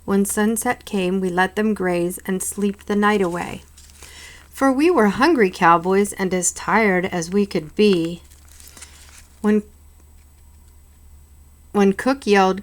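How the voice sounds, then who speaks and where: A woman's voice: mid-range voice, slow, pauses often. Home read-aloud: a woman reading children's books, unpolished, with small slips. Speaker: reader.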